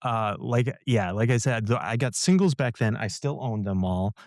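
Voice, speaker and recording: A man as a guest on a podcast, making relaxed jokes in casual chat. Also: mid-range voice, normal speed, no room sound, studio quality.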